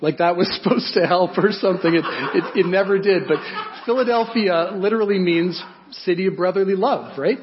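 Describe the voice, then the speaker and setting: Man, sermon, fairly high voice, conversational preaching, rhetorical questions, muffled recording. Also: normal speed, background noise. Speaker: pastor.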